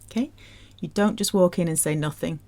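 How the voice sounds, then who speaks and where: A woman's voice: fairly low pitch, fairly quick, warm tone. A woman teaching French pronunciation, drilling words in exaggerated sing-song repetition with a playful manner.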